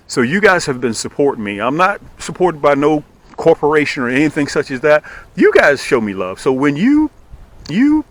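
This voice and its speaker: A man hosting his fishing channel outdoors on a lake, pointing things out and pitching his own lures, sometimes dropping to a near-whisper. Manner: animated, repeats "look at that", drops to near-whisper at times. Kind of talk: outdoor vlog with product pitch.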